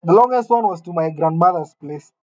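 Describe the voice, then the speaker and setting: A man's voice: a little high, animated, brisk, lo-fi sound. A man from Kenya, telling a candid, self-deprecating personal story in a conversational way.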